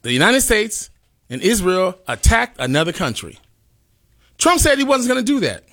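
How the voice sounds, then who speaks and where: A man's voice: high voice, sing-song, moderate pace, bright, forceful tone. A man hosting a talk radio show, speaking passionately and emphatically, with exclamations.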